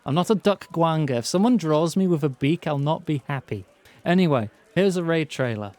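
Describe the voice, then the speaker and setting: A man's voice: on the high side, brisk. A man streaming a game, chatting and laughing with viewers and reading ability text aloud. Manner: bursts of excited greetings to chat. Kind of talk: casual game commentary.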